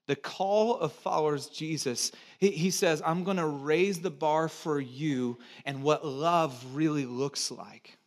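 A middle-aged American pastor delivers a sermon in church, his voice pitched high for a man. He keeps it conversational, having the congregation echo words back and slipping in jokes, and shifts between loud, emphatic lines and quiet, low ones. His pace is slow, with very few pauses.

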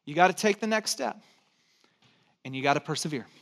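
A man's voice: a little high, lively intonation, a little fast, fairly bright tone. A middle-aged male pastor preaching a sermon, emphatic and conversational, repeating his key phrases. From born in Texas, raised in California.

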